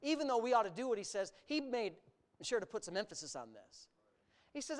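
Animated, emphatic preacher with a lively pitch. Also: brisk. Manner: emphatic and animated, stretches words for emphasis, sarcastic asides. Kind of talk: sermon.

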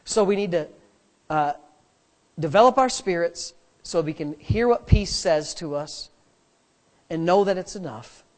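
A man's voice: sits high, animated, unhurried, pauses often. A man, a pastor, preaching a sermon and driving points home with emphatic repetition.

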